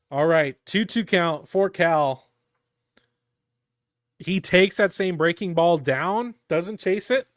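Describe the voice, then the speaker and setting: A man giving live fan play-by-play of a baseball game, calm between pitches and shouting on big plays. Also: no room sound, clean studio sound. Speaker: fan commentator.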